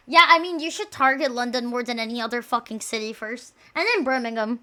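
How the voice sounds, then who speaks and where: A young adult woman streaming and chatting casually, loud, crude and joking, swearing often. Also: on the high side, a little fast.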